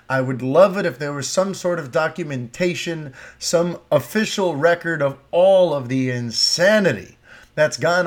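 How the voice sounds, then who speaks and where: Passionate fast-talking male podcast host. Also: on the high side. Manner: passionate, animated, rambling with tangents. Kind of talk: solo podcast monologue.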